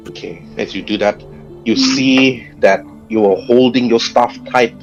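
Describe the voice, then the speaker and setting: A man's voice: mid-range voice, unhurried, dull audio, soft background music. A man narrating as game master of a tabletop game, stretching words for suspense and laughing at his own jokes.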